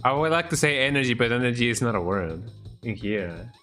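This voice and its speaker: A man chats while he streams a video game, with a casual, rambling flow that keeps ending on "eh?". His voice sits in an ordinary middle pitch. Soft game music plays faintly underneath. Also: a little fast. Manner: relaxed, rambling, tags lines with "eh?". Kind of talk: casual live-stream chat while gaming.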